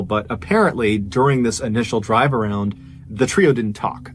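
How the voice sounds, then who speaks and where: A man's voice: mid-range voice, a little hiss or hum. A man telling a true crime story in a conversational, emphatic way.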